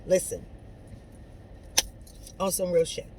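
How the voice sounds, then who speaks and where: A woman giving an inspirational talk straight to her viewers, preachy and conversational, swinging between soft asides and loud emphatic lines. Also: lowish voice, slow, noisy background. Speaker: motivational speaker. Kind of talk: inspirational monologue to camera.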